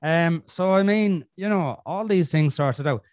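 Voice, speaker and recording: A man's voice: fairly high pitch, measured pace, darkish tone, no room sound, clean studio sound. An Irish man hosting a podcast, talking bluntly with lots of swearing and jokes, and acting out his own inner voice. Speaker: podcast host. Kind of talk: casual podcast chat.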